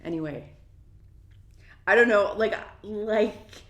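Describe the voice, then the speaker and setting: A woman's voice: mid-range voice, slow pace. A young woman, ranting through a casual storytime, profane and full of "like" fillers. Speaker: mukbang vlogger. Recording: roomy echo.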